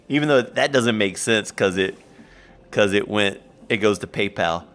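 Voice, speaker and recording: Male streamer, casual rambling chat, acts out quoted voices, unhurried. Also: lowish voice, fairly bright tone, soft background music.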